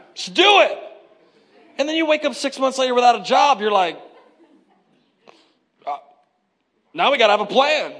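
A man preaching a sermon as pastor, retelling scripture in a lively, conversational way with slang. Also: high-pitched.

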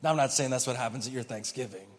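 A pastor with a mid-range voice races through a conversational sermon in a church sanctuary. He tells the story vividly and asks the congregation questions, with the reverberant church hall audible.

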